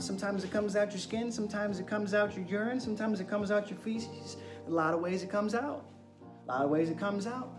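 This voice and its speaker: A young man hosting an energetic wellness monologue, firing rhetorical questions at his viewers in an excitable way. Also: fairly high pitch. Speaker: host. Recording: echoey room with music behind.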